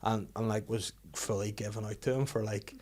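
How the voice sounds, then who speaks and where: A man with a Northern Irish accent telling funny stories in casual podcast chat, animated and often laughing. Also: lowish voice, brisk. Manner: animated, laughing storyteller with lots of restarts. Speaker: podcast co-host.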